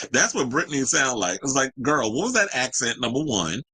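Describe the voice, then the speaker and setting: A man hosting a celebrity gossip show, talking in a sassy, animated way with slangy asides. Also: medium pitch, moderate pace, husky, no echo, rough recording. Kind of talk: casual gossip commentary. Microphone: home streaming mic.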